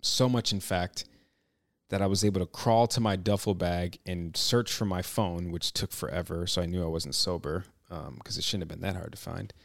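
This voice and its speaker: A man telling a personal story in a reflective, halting way, with many restarts. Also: low voice, fairly even intonation, gravelly, no room sound, clean studio sound.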